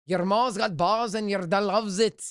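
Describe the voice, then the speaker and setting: A man putting on a rough Scottish accent with rolled R's, stretching the words out slowly. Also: on the high side, no room sound, studio quality, pitched below the performer's own voice. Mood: playful. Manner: slow, drawn-out, laughing between tries.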